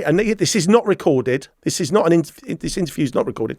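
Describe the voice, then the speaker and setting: Animated man telling a story. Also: a little high, quick pace, few pauses, no echo, studio quality. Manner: animated, acts out quoted dialogue. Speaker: podcast guest. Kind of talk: storytelling interview.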